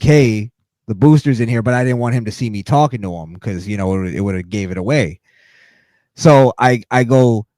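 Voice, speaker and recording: A man's voice: medium pitch, darkish tone, dry recording. A man in casual chat, telling a laid-back, profane story about his job. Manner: laid-back, profane, does voices in anecdotes.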